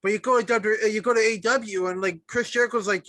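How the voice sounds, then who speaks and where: Young male co-host, bright forceful delivery, excitable fan chat full of swearing. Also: high-pitched, fast, few pauses, no echo. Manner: excited, swears often, acts out quotes. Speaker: podcast co-host. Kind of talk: casual wrestling chat.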